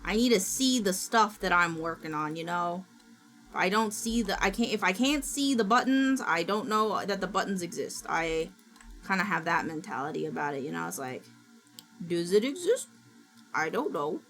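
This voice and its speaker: A woman streaming, chatting casually while she works and gasping and squealing with excitement as she greets viewers. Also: on the low side, moderate pace. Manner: excitable, gasps and squeals at new followers; chatty and self-mocking, talking while working. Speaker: VTuber streamer. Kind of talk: casual livestream chat. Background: faint background music.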